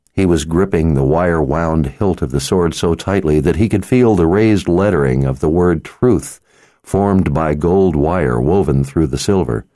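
A man narrating an audiobook with a very deep, dark voice. He reads in an even, measured, dramatic style. The studio recording is close and dry. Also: no echo. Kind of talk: scripted narration.

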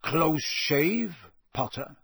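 Man doing a grizzled old wizard, gruff and blunt, husky and muttery. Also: on the high side, very animated, drawn-out words, a bit bright, dry recording, full character voice. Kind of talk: audiobook character voice.

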